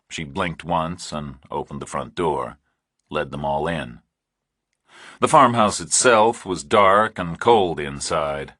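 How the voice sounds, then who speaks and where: Deep husky male audiobook narrator. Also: a bit bright, no echo, studio quality. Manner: measured, deliberate reading. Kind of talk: scripted narration.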